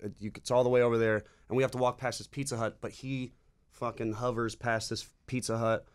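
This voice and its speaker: A man's voice: mid-range voice, level tone, fairly quick, clear, resonant tone. Rambling, profane man telling a story. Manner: rambling, profane, many restarts. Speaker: podcast guest. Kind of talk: casual storytelling chat.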